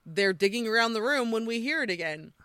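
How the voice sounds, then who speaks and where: A woman hosting a podcast, chatting casually and reading creepy stories aloud with animated quoting. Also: a little high, brisk, clear, resonant tone, dry recording, studio quality. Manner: animated storyteller, quoting with voices. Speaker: podcast host.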